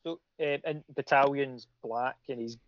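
This middle-aged comic creator talks unhurriedly in a medium-pitched, fairly even voice, rambling through casual chat with lots of fillers and restarts. The recording is dry, dull and lo-fi.

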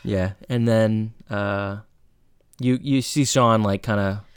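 A man's voice: lowish voice, takes it slowly, smooth, no echo, clean studio sound. A man co-hosting a podcast, casually retelling a TV episode with lots of fillers. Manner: relaxed storytelling with filler words. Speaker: podcast co-host. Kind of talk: casual recap chat.

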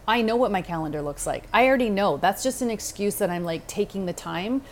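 A woman's voice: medium pitch, animated, brisk, a little hiss or hum. A middle-aged woman hosting a podcast, talking through advice in a direct, conversational way and checking in with "okay?" and "right?". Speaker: podcast host. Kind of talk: casual advice talk.

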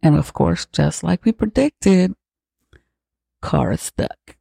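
A man's voice: fairly high pitch, animated, slow pace, vocal fry, mellow, slightly rough, no room sound. A man hosting a podcast, retelling a film in a casual, profane, sarcastic way. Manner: profane, sarcastic, slangy storytelling. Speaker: podcast host recapping a film. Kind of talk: casual movie recap.

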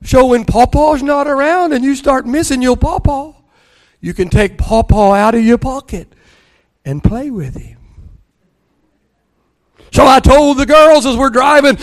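Older man, pastor, sermon, very high-pitched voice, storytelling. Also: unhurried, pauses often. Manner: storytelling, acts out dialogue with rising excitement.

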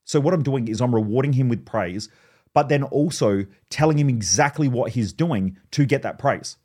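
A man hosting a podcast monologue, blunt and profane, telling animated stories. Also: medium pitch, moderate pace. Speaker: podcast host.

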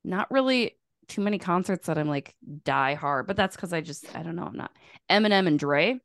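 A woman in her thirties hosting a casual sports podcast, chatty and quick to laugh. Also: on the low side, expressive, no room sound, clean studio sound. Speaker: podcast host and sports writer.

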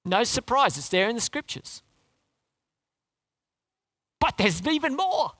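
A woman's voice: on the high side, sing-song, slow pace, a bit bright. A woman preaching a sermon in an earnest, conversational way, asking rhetorical questions and repeating phrases for emphasis.

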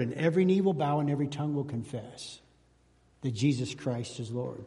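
A man's voice: medium pitch, fairly quick, mellow, big-room sound. A man preaching a sermon as pastor, fervent, with rising emphasis and repeated phrases. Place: church sanctuary.

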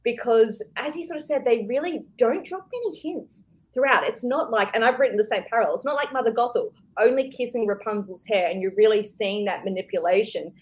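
A woman's voice: fairly high pitch, fairly quick, hardly any pauses. A woman hosting a podcast in casual chat, curious and asking questions. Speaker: podcast host.

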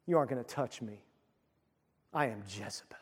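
A man's voice: mid-range voice, moderate pace, husky, voice pushed down, lightly acted. A male preacher voicing a proud, defiant aging queen who taunts with a haughty manner, in an echoey hall.

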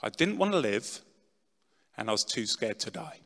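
A middle-aged man giving a dramatic personal testimony talk, swinging from loud, pushed lines to hushed ones. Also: mid-range voice, sing-song, moderate pace, gravelly. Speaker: speaker telling his testimony. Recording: long reverb in a large hall.

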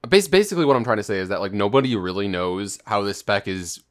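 A man's voice: fairly low pitch, expressive, quick pace. A man co-hosting a casual gaming podcast, talking in a hesitant, rambling way. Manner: rambling, hesitant, with fillers and restarts. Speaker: podcast co-host.

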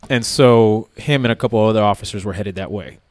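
A man's voice: lowish voice, fairly quick, dry recording. A man, a former police officer, recounting a story casually with lots of fillers. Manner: relaxed, rambling with many fillers.

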